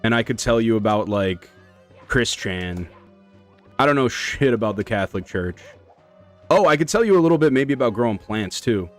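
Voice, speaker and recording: A man's voice: mid-range voice, animated, moderate pace, soft background music. A man chatting casually on a live stream while playing, rambling and slangy. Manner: rambling, slangy, laid-back. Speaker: speedrun streamer.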